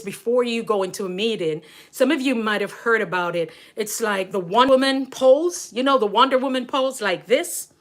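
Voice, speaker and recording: A woman's voice: medium pitch, fairly bright tone. A middle-aged woman with a Caribbean accent, a nurse and coach chatting to her viewers on a livestream, talking while she rides an exercise bike and laughing often. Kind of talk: casual livestream chat.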